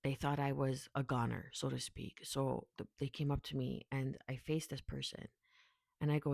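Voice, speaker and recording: A woman's voice: rumbling low, flat delivery, normal speed, gravelly, darkish tone, no echo. Woman tarot reader, chatty, rambling, talks to the viewer, dry close sound. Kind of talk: casual tarot reading to camera.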